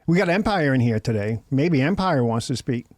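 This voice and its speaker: A man's voice: medium pitch, animated, fairly quick, darkish tone, no echo. A man with a Boston accent hosting a casual online voice chat, joking and rambling with frequent laughs. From New England. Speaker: host. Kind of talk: casual chat on a live audio space.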